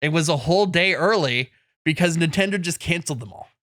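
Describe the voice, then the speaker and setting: A man co-hosting a podcast, telling a self-deprecating story in a lively way and laughing often. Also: a little high, brisk, no room sound, clean studio sound. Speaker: podcast co-host. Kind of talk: casual podcast chat. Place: in Canada.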